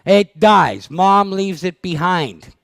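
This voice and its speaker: High gravelly guy teaching a dog seminar, pokes at the crowd with questions, dry sound. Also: slow pace, a bit bright, dry recording. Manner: blunt, teasing, fires questions at the audience. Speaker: dog trainer leading a seminar. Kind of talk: live seminar talk to an audience. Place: seminar room.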